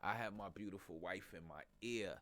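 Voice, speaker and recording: A man's voice: low voice, a little fast, sharp tone, no room sound. A middle-aged man with a stuffy nose from a cold, hosting a casual morning talk show in a playful, teasing way. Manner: playful, teasing, laughs a lot. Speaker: podcast host.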